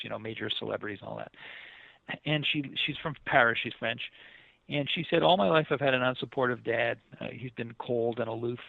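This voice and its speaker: A man's voice: medium pitch, gravelly, no room sound. A middle-aged man, a guest on a radio interview, tells a story in an earnest, rambling way with many fillers. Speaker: author and guest. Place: Los Angeles area. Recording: dry tinny phone line.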